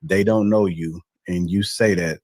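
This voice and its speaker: A man moderating a panel debate, speaking in a calm, measured way as he mediates. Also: sits low, no echo.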